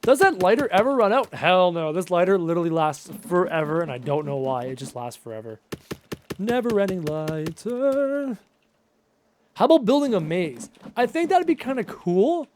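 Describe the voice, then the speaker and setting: A man in his thirties talks loosely through a live gaming stream, reading out viewer comments and answering them one after another. His voice sits a little high for a man. A faint noise runs under the talk. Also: big pitch swings, a little fast, few pauses. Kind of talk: casual live-stream chat while playing.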